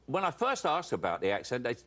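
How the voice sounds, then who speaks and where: A man's voice: medium pitch, wildly swooping pitch, brisk, background noise. A man in his seventies with a Cockney accent, a talk show guest telling anecdotes with quoted dialogue. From England. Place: TV studio with audience.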